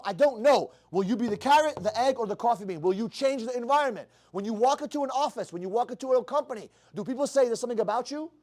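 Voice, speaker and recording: A man's voice: extremely high pitch, a little mellow. A man in his thirties giving a blunt, profane, fired-up motivational talk. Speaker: motivational speaker.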